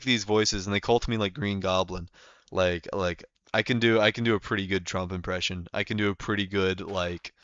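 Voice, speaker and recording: A man's voice: lowish voice, bright, forceful tone, dry recording, muffled recording. A young man live-streaming a game, chatting casually and rambling with lots of fillers.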